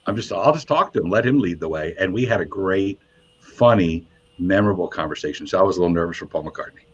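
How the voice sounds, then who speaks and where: Veteran radio DJ guest, low husky voice, animated raconteur, slightly dull lo-fi sound. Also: male voice, quick pace. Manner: animated storyteller, voices quotes with high pitch jumps. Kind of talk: casual storytelling interview. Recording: muffled lo-fi sound.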